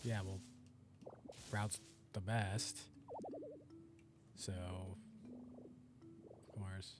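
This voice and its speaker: A man's voice: deep voice, little pitch movement, drawn-out words, over loud music. A young man streaming a game, rambling casually and chatting with his viewers as he plays. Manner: rambling, chats with viewers while playing.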